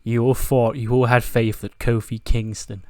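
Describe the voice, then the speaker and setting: A man's voice: medium pitch, level tone, moderate pace, no echo, close to an everyday voice. A man putting on a smug, boastful male wrestling champion in his own voice, with a dry sound.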